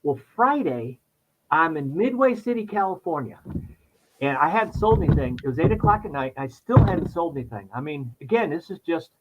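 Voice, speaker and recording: A man telling a personal story on a podcast in casual chat, his voice jumping high when he acts out his younger self. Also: lo-fi sound. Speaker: podcast guest.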